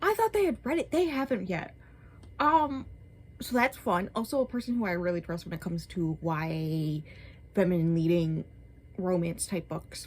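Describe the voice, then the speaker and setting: A young woman vlogging a casual, exasperated book rant, with lots of "like" and "um". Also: medium pitch. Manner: animated, exasperated, lots of filler words. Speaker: book reviewer.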